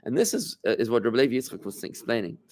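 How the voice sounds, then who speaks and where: Speaking very fast in a medium-pitched, slightly mellow voice with lively intonation, a rabbi holds an informal class for a small gathering in a room. He's loose and conversational, often starting sentences over and asking his listeners questions.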